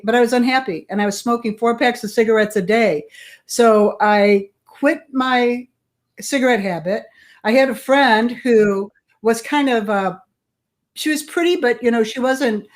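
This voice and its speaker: A middle-aged woman, a guest on an interview show, telling her life story in a candid, plain-spoken way. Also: fairly high pitch. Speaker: guest, bully prevention expert. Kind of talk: personal storytelling in conversation.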